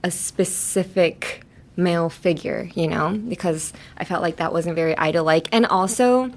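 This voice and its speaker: A woman talking casually in a bilingual English lesson on a podcast, chatty and quick to laugh, slipping between English and Japanese. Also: on the low side.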